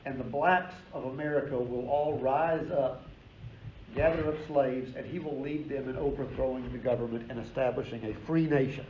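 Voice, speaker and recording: A man's voice: mid-range voice, fairly even intonation, normal speed. A male history professor giving a classroom lecture, telling the story with energy and emphasis and dropping casual asides. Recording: roomy, dull lecture recording with faint noise.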